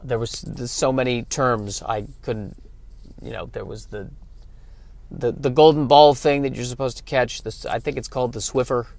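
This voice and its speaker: A man hosting a solo comedy podcast, rambling in a casual, self-deprecating way. He trails off and restarts his sentences often, and his voice sits at an ordinary male pitch. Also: fairly even intonation, moderate pace, vocal fry, a little mellow. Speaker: podcast host.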